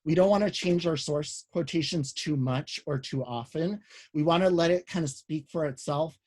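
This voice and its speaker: Male instructor, higher voice, relaxed online lecture delivery, lots of fillers, heard through a computer mic. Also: normal speed. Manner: casual, many "um"s and restarts, explains step by step. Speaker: college writing instructor.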